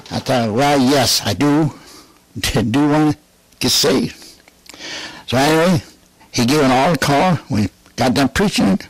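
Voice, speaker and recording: A man's voice: mid-range voice, husky, no echo. A man giving a fervent spoken religious testimony. He laughs often between phrases and repeats key phrases with rising emphasis.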